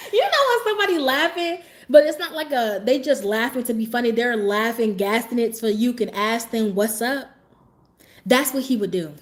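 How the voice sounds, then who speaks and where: A woman livestreamer telling stories in a sassy, animated way and laughing often as she talks. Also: a little high. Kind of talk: casual livestream storytelling.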